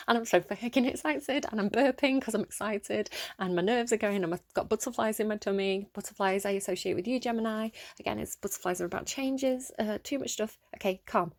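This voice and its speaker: A young English woman giving a casual tarot reading, rambling and giggly, excitable as she reads out the cards. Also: medium pitch, fairly quick, no echo. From England. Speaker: tarot reader.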